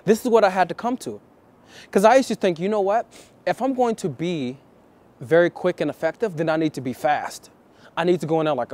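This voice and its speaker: A man coaching viewers on dating in a vlog, talking deliberately and repeating key phrases for emphasis. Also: on the high side, animated, darkish tone.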